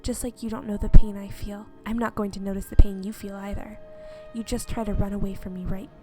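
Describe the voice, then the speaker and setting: A woman voicing a possessive, menacing young man, reading a game character's lines aloud in a cold, quiet, controlling way. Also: mid-range voice, flat delivery, fairly quick, music in the background, pitched below the performer's own voice, lightly acted.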